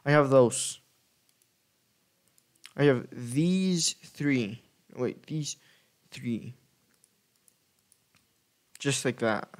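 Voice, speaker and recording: A man's voice: mid-range voice, drawn-out words, pauses often. A man giving casual gameplay commentary, rambling and correcting himself as he thinks aloud. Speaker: gaming video creator.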